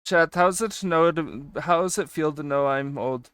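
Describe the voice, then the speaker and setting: A male streamer with a slightly high voice talks casually to his chat, bursting into loud excited remarks and then dropping to quieter asides. He swears offhandedly as he talks. The sound is dry and close, with no room echo. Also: unhurried, smooth.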